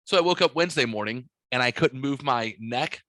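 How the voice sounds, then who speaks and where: A man's voice: mid-range voice, brisk, bright, forceful tone, dry recording. Profane man telling a rambling story. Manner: profane, rambling, acts out dialogue in his stories. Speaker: podcast host. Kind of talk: casual storytelling chat.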